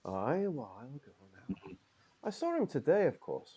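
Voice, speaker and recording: Man doing a proud middle-aged Morris dancer for a role-play game: opinionated, rambling, lively up-and-down delivery. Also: on the high side, moderate pace, breathy edge, full character voice. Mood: recalling. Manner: opinionated, rambling, says "aye". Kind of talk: improvised character role-play.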